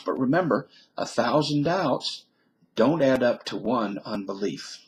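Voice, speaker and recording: A man's voice: medium pitch, animated, measured pace, poor audio. A man reading a mathematician's biography aloud who keeps breaking off into wisecracking asides and comments on his own reading.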